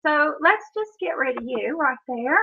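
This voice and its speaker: A woman speaks in a chatty, rambling way to her stream viewers, her voice sitting a little high. She keeps saying "you know", restarts her sentences and laughs between words. The audio is dull and lo-fi. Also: expressive, normal speed. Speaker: YouTube vlogger on a live stream. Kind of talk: casual rambling chat to viewers.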